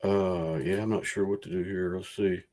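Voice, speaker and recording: Speaking at a normal speed in a low-sitting voice, this man, a onetime legislator, rambles through past events as a video-call guest. He tells his stories informally and brings quoted lines to life with a lively delivery.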